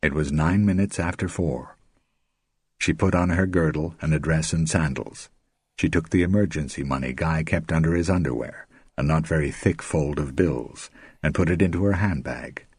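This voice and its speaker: A man narrating an audiobook in a steady, measured way. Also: rumbling low, slightly rough, no echo, clean studio sound. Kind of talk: scripted narration.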